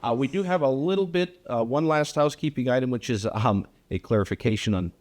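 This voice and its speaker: A man's voice: mid-range voice, expressive, fairly quick, a little mellow. A man moderating a public hearing who introduces speakers with light jokes. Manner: joking, informal. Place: hearing room.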